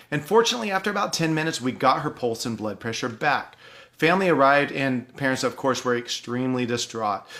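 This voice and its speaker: A man, an ER doctor, earnestly recounting a true story from work in a measured, pausing way. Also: mid-range voice, a bit bright. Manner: earnest, measured, pauses for effect. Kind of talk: personal storytelling.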